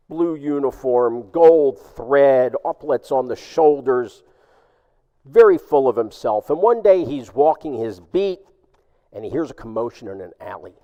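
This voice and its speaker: A male pastor delivering a sermon with a lively, expressive voice that climbs and dips as he tells a story. His voice is fairly high for a man. It echoes through a large church, and the sound is a little dull. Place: church sanctuary.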